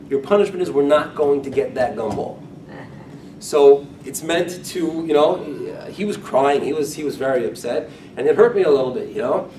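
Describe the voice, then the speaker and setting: A man's voice: lively intonation, brisk, a little mellow. A man teaching a Talmud class as a rabbi, talking in a conversational way and often repeating or restarting his phrases. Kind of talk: lecture-style Talmud class. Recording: echoey room, speaker far from mic, faint rumble.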